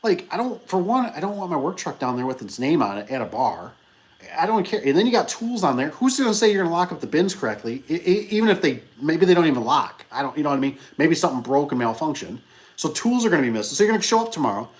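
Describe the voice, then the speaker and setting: A man who owns a small business telling a rambling story in an animated, casual way, acting out the people he quotes. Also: on the high side, quick pace. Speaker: business owner vlogger.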